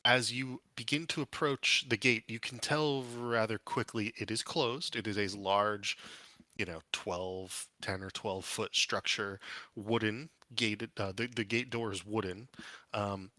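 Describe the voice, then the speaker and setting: A man's voice: on the low side, steady tone, measured pace, pushed and bright, no room sound. A man narrating as dungeon master, describing scenes with frequent fillers and restarts. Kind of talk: narrating a tabletop game.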